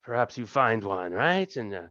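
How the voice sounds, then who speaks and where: A man's voice: fairly low pitch, very animated, moderate pace, sharp tone, no room sound, muffled recording. A man doing a drawling, greedy thieves' king. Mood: scheming. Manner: oily, drawling, with chuckles and "eh?". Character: huge, greedy, scheming male thieves' king.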